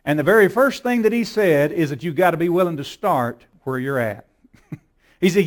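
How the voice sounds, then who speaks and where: A man with a drawl preaching from the pulpit, his voice sitting high for a man. He tells his story in looping, repeated phrases and climbs to emphatic peaks. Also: animated, moderate pace. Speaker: pastor. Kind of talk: sermon.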